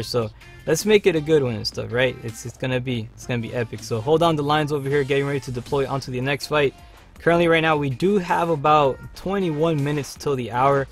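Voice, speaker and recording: Hyped gaming livestream host, man. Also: mid-range voice. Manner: hyped, chatty, slangy, cheers teammates. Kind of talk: live gameplay commentary. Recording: faint game music behind.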